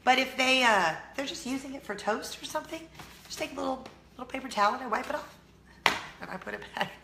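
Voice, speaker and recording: A woman from California vlogging in a casual chat to the camera, with a slight Southern drawl and a voice hoarse from a cold. She talks in a chatty, self-mocking way and laughs often. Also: sits high, fast, pushed and bright, echoey room, a little hiss or hum. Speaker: vlog host.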